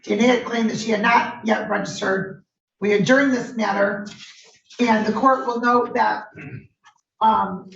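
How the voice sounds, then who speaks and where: Woman judge going thru the record, brisk, slightly high voice, dull echoey far sound. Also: gravelly, a bit bright, a little hiss or hum. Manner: brisk, procedural. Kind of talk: court hearing. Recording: echoey, dull, distant courtroom audio.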